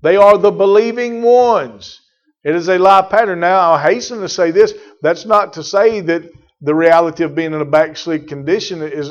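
Emphatic preacher man, muffled recording. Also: fairly high pitch. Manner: emphatic, repeats phrases, addresses congregation by name. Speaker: pastor. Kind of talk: sermon.

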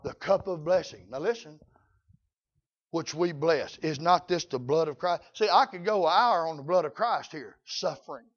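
An older man preaching a folksy sermon, often shouting out his points. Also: on the high side, moderate pace, highs cut off.

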